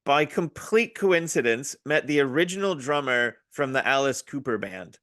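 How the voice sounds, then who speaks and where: A New man with a bright, forceful voice tells crude, jokey stories on a podcast. His voice sounds close and dry. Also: mid-range voice, normal speed, dry recording. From New Zealand. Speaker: comedian, podcast host. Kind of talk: casual chat.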